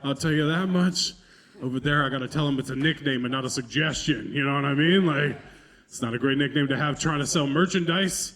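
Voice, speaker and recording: A man's voice: a little high, a little fast, a bit bright. A man doing a loose, profane stand-up set as the headliner, joking about himself in a chatty way. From Pacific Northwest, US. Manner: loose, profane, conversational, self-deprecating. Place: comedy club stage.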